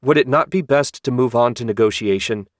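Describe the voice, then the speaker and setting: A man voices a polite, persuasive young man for an audiobook. He speaks at medium pitch and a little fast, pitched above his own natural voice yet close to an everyday sound. The recording is studio quality with no room sound.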